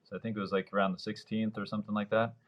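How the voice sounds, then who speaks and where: A man's voice: on the low side, level tone, very fast, highs cut off. Man in his thirties, rambling storyteller. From Mexico, Baja California Sur. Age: 30s. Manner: rambling anecdotes, acts out quoted voices. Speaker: surf fishing guide. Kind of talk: casual interview storytelling.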